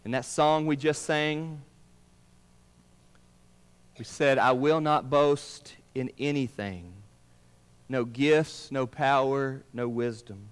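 A male pastor preaching a sermon, swinging between emphatic lines and hushed, drawn-out words. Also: mid-range voice, fairly even intonation, clean tone. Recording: long reverb of a large room.

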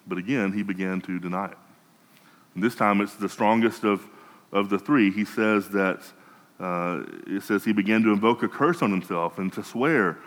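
A man's voice: fairly low pitch, normal speed. Man preaching in a reverberant hall. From United States. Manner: conversational, frequent restarts and repeated words. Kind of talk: sermon.

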